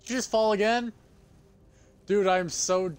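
A man's voice: sits high, fairly even intonation, a little slow, clear, resonant tone. A young man chatting casually while co-playing a video game, laid-back and teasing, laughing often. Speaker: gamer co-playing. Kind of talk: casual gameplay chat.

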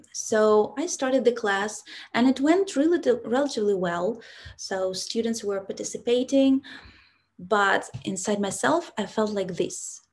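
Brief: young Russian-accented woman, speaking coach, earnest storytelling, mid-pitched voice. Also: darkish tone. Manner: earnest, reflective storytelling with frequent "so" and "like". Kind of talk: storytelling presentation.

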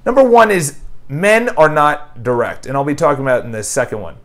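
A man's voice: fairly high pitch, animated, fairly quick. A man reviewing a book in a casual motivational monologue, emphatic and repeating his points. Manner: emphatic, repeats phrases, lists questions; quotes an author's dialogue in paraphrase. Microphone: new microphone, home video.

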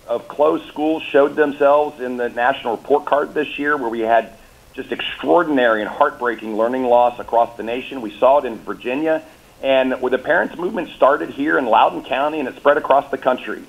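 A governor appears as a guest on talk radio, interviewed by phone or remote, sounding confident and upbeat. His voice is medium-pitched and the audio is dull, and he repeats words as he restarts his talking points.

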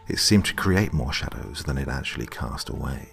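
A man narrating a scary story in a slow, brooding way. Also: extremely low pitch, animated, gravelly, faint music behind. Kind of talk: scripted narration.

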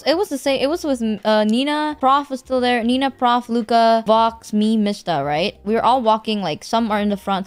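A woman's voice: on the high side, dry recording. Young woman streamer rambling with fillers. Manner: rambling, filler-heavy, swears freely; animated, laughs through her words. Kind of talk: casual storytelling on a stream.

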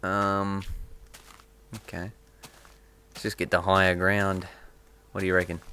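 A man giving relaxed, playful commentary on his own gameplay, chatting to himself as he goes. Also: low voice, a little slow, slight background noise. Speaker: gaming video host.

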